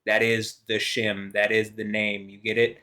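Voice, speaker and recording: A man's voice: fairly low pitch, monotone, measured pace, sharp tone. A man talking by himself in a loose, rambling monologue. He swears freely and meanders between thoughts, with plenty of fillers and restarts. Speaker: vlogger.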